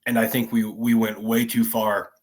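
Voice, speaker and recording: A man with a fairly low voice co-hosts a casual football podcast. He talks in an emphatic, opinionated way and keeps tagging points with "right?". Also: level tone, normal speed. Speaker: podcast co-host.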